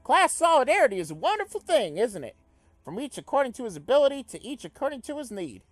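A man's voice: extremely high pitch, big pitch swings, fast talker, no echo, faint music behind, pitched above the performer's own voice. A man voicing a cheery, earnest communist male alien troll from a game, speechifying in a raised voice. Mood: cheerful.

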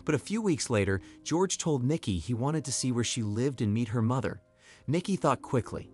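Expressive male story narrator. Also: medium pitch, brisk, slightly rough, soft background music.

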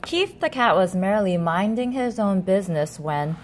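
A woman reading a children's picture book aloud as storyteller, in an animated, expressive way. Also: mid-range voice, normal speed, a little hiss or hum.

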